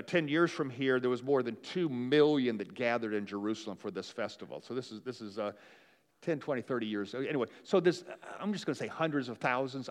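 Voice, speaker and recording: Male pastor, easygoing sermon delivery with a lot of "uh" and restarts, medium pitch, long church-hall reverb. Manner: casual, conversational preaching with frequent fillers and restarts.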